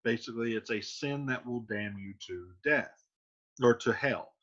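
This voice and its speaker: A man's voice: medium pitch, measured pace, a bit bright, muffled recording. A man teaching, casually explaining a play in plain modern words.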